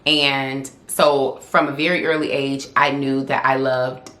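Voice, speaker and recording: Low-voiced chatty woman. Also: flat delivery, measured pace, a bit bright. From Southern United States. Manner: chatty and candid, laughing often. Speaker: vlogger and influencer. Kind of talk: casual Q&A vlog. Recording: echoey room.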